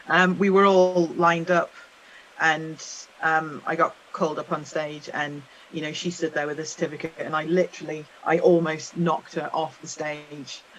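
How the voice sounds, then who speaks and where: A woman's voice: sits low, little pitch movement, a little slow, fairly bright tone, slight background noise, low-quality recording. A woman guest in a casual chat, telling self-mocking anecdotes. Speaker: guest cosplayer.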